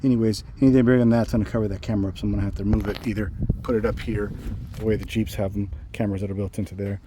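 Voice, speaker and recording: A man's voice: lowish voice, little pitch movement, racing, background noise. A man hosting a casual install walkthrough and product review, rambling with frequent fillers and restarts. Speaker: channel host reviewing a bumper install.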